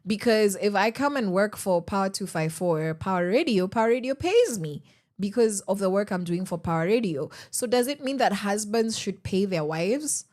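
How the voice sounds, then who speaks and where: A woman hosts a radio talk show from the studio, animated and emphatic as she fires off rhetorical questions. Her voice is medium-pitched and she speaks at a normal speed.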